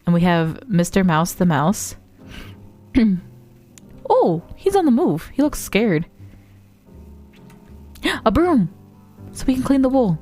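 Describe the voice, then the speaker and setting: A woman's voice: medium pitch, sing-song, slow pace, long pauses, warm tone, soft background music. Giggly, chatty woman streamer. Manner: giggly, playful, chatty, with frequent gasps. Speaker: variety streamer. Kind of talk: casual live-stream gameplay chat.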